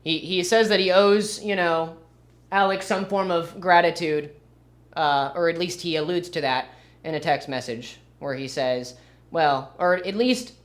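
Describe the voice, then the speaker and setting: A man's voice: on the high side, a bit bright. A young man streaming and commenting casually, with a rambling, sarcastic manner. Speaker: livestreamer.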